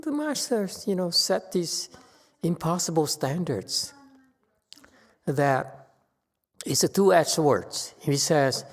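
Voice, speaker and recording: A man giving a Buddhist lecture, pressing his listeners with pointed rhetorical questions and jumping up in pitch to stress a point. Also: big pitch swings, takes it slowly, long pauses, big-room sound. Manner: sudden rises in pitch and force when stressing a point. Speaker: Buddhist teacher. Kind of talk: Dharma lecture.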